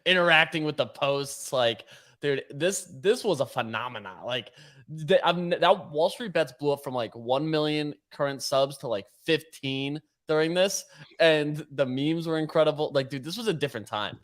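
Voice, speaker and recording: A man co-hosting a podcast in casual chat, excitable and slangy, saying "dude" a lot. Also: on the high side, moderate pace. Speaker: podcast co-host.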